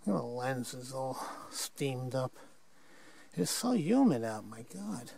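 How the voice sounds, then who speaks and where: A man's voice: mid-range voice, very animated, takes it slowly, creaky, dark tone, slight background noise. An older man filming himself on a forest trail, rambling and chuckling at himself in a casual hiking vlog. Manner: rambling, self-mocking, chuckling. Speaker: hiker filming his hike. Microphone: handheld camera mic.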